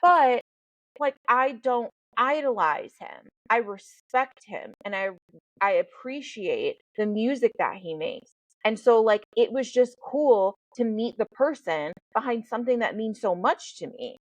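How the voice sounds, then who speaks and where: Her voice sits fairly high and moves a little slowly as this life coach hosts her podcast. She's frank, profane, and animated when telling stories, though the audio is poor, with no echo.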